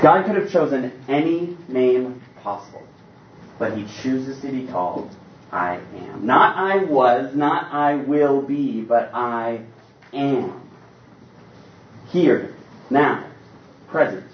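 A man preaching a sermon in an animated, conversational way with playful asides. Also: medium pitch, slow pace, a little hiss or hum. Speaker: pastor. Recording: roomy, distant, dull sound.

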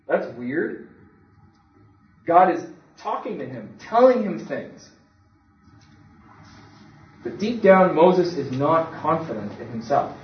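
A man's voice: fairly high pitch, distant mic. A man preaching a sermon in a conversational, storytelling way, acting out the quotes. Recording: echoey room, speaker away from the mic, dull sound.

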